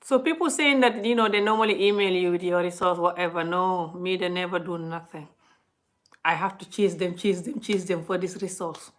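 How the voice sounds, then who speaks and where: Chatty woman vlogger, animated storytelling straight to camera. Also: fairly low pitch, normal speed. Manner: chatty, talks a lot; animated retelling, often addresses viewers. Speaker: vlogger on a live stream. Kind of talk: casual storytelling chat.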